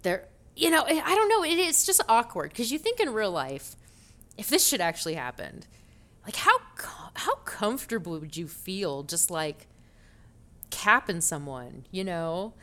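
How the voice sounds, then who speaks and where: A woman co-hosting a podcast in casual chat, giggly and animated, laughing often. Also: mid-range voice, measured pace. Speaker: podcast co-host.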